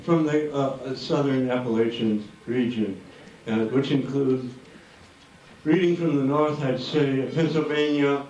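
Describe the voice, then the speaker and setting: A man's voice: medium pitch, darkish tone, dull audio, slight background noise. Wry, rambling man chatting from a roomy stage. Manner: rambling, wry, joking, halting with fillers. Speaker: folk musician. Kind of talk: stage banter between songs. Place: live concert venue with audience. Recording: roomy, distant live concert recording.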